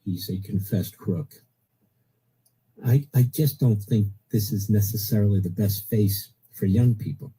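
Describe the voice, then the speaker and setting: A man's voice: on the low side, a little slow, warm tone, slightly rough, rough recording. A middle-aged man hosting a political talk radio show, blunt and opinionated, repeating his points for emphasis.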